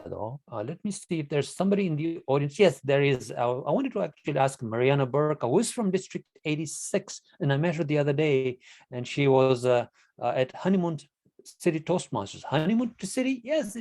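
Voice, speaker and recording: A man from Kenya hosts an online club meeting over a video call. He talks in a friendly, chatty way and often stutters over repeated words. His voice sits in a middle pitch with a dry, close sound. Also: a little mellow, no room sound. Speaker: meeting host. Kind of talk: casual video-call hosting.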